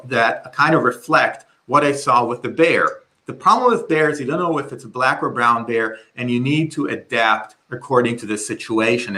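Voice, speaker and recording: Bright-voiced middle-aged man presenting. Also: mid-range voice. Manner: animated storytelling with restarts. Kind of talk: webinar presentation.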